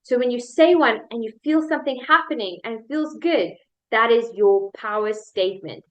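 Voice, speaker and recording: A woman's voice: fairly high pitch, normal speed, a bit bright, dull audio. A woman life coach guiding a motivational workshop video, upbeat and leading repeat-after-me chants.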